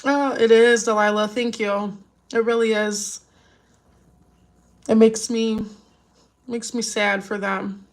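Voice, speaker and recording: A mother vlogging live takes it slowly, leaving long pauses in a slightly high voice that barely moves in pitch. Chatting casually with viewers, she is worried and upset, near tears, and rambles with many restarts.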